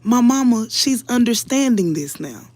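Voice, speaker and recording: A woman's voice: a little high, very animated, moderate pace, a little mellow, no room sound. A woman commentator talking casually to her viewers, earnest and emotional, preaching a little and calling them y'all again and again. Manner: earnest, preachy, keeps addressing the audience as y'all. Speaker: online commentator.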